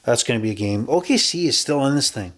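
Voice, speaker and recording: A man talks through his sports betting picks as a podcast host, in a mid-pitched voice. He rambles casually and often stops to correct himself before pushing on with the next pick. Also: lively intonation, fast talker, a bit bright. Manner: chatty and rambling, with self-corrections.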